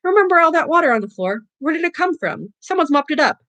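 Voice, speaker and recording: A determined teenage wizard boy, read by a woman, speaking in a plain, earnest way. The voice stays high and close, with a dry sound. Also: sing-song, fast, a bit bright, dry recording.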